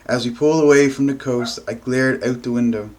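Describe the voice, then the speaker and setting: A man reading a novel aloud in first person, with steady, even delivery. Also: medium pitch, fairly quick. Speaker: amateur reader.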